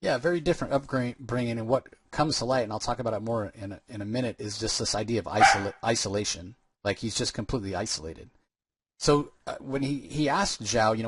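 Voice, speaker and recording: A man's voice: mid-range voice, brisk, fairly bright tone, breathy edge, no echo. A man co-hosting a casual comic book podcast, retelling a story page by page with many fillers and restarts. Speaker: podcast co-host.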